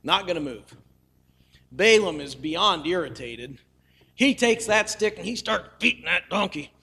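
A man's voice: high voice, lively intonation, measured pace, creaky, bright, forceful tone, slightly rough. A male preacher telling a scripture story in a folksy, humorous way, with casual asides to the listeners. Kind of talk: storytelling sermon.

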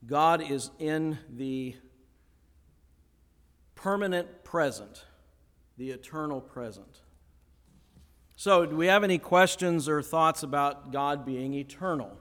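A man delivers a sermon with lively energy and acts out the voices of the people he quotes. His voice sits a little high. The sound rings with the long reverb of a large hall. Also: takes it slowly, pauses often. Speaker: pastor.

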